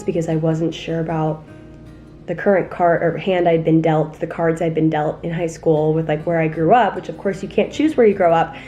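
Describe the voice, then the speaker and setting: A young woman talks through her thoughts at home in a city apartment, casual, candid and self-deprecating in a confessional vlog. Her voice is low and warm, and the audio sounds dull.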